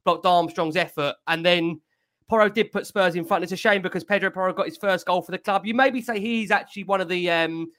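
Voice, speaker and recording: A man's voice: high voice, brisk, a bit bright. A man hosting a fan podcast, steering the talk to guests and reviewing the match. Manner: conversational, steering, slightly hesitant. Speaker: podcast host.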